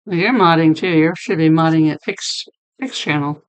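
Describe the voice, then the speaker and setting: A woman streamer chatting casually with her viewers, her voice deep and hoarse from being sick, laughing often. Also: moderate pace. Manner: chatty, laughing, talks to chat by name. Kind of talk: casual chat reading stream chat.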